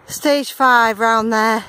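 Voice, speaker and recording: Woman vlogger, high voice, unhurried, puffing on an outdoor climb, wry self-teasing. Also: fairly bright tone, slight background noise. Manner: jokey, keeps insisting she is not out of breath, sighing. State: winded from climbing. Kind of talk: casual vlog narration while hiking. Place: outdoors on a steep coastal path up from a beach.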